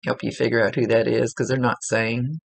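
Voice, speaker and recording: Gravelly-voiced woman giving a chatty reading. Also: very deep voice, level tone, a little fast, dry recording. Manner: chatty, rambling, self-correcting. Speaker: psychic medium. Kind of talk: casual spoken reading.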